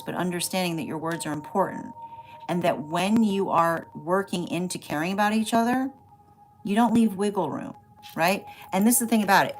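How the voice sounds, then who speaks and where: A woman's voice: on the low side, slight background noise. A woman hosting a livestream tarot reading, talking emphatically, repeating phrases and adding "right?" often. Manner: emphatic, repeats phrases, many tag questions. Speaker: tarot reader, livestream host. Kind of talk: casual livestream talk.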